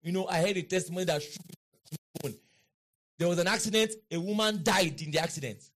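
A man preaching a sermon in an auditorium, leading the crowd in call-and-response and building to shouts and chants. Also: high-pitched, fast. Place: large auditorium.

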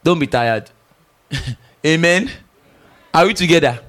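A man's voice: on the high side, slow pace. A middle-aged man preaching a sermon, emphatic and teasing, acting out little dialogues as he goes. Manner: animated, emphatic, teasing, with laughs and acted-out dialogue.

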